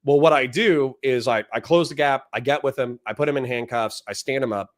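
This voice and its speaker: A young man, a former cop and podcast host, telling a story in a casual, animated way and now and then shouting out the lines he quotes. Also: medium pitch, fairly quick.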